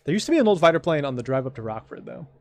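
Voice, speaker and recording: A man's voice: medium pitch, big pitch swings, racing, creaky, a little hiss or hum. A man giving casual commentary on his own comic, rambling along with dry, sarcastic asides. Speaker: comic creator.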